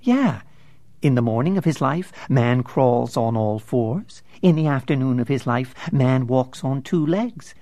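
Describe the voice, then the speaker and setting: A man voicing a clever, cocky teenage boy who talks in a lifted, quick and sly way. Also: mid-range voice, expressive, warm tone, dry recording, voice pushed up.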